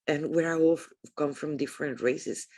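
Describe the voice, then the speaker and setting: A woman's voice: sits low, moderate pace, a little mellow. A woman hosting a podcast, speaking in an earnest, reflective tone during a casual conversation. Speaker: podcast host.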